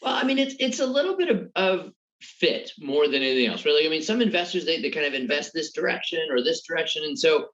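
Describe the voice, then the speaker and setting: A man's voice: on the high side, very animated, fast, hardly any pauses, a bit bright, dull audio. A man guest in a casual interview, talking through his thoughts and often repeating words as he finds his point. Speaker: guest entrepreneur.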